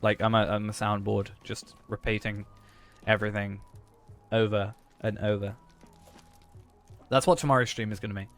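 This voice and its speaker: A man's voice: on the low side, level tone, moderate pace, pauses often, fairly bright tone. Joking man streaming a game. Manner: joking, chatty, talks to chat while playing. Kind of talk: casual game stream chat. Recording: faint background music.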